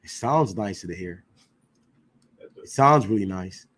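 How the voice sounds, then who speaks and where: A man's lowish but fairly bright voice moves slowly, with lively intonation, as he teaches a casual scripture class. Emphatic and full of slang, he asks rhetorical questions and keeps checking in with his audience by saying "you know what I'm saying."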